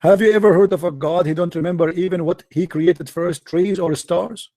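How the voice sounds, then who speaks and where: Live-stream debate host, male, taunting and emphatic, slightly high voice, dark tone. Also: steady tone, normal speed, no room sound.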